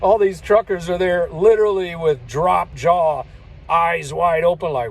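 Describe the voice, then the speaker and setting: Telling casual stories in a wandering, homespun style, this older trucker laughs softly between comments. He speaks unhurriedly in a high voice with lively intonation, captured on a low-quality recording.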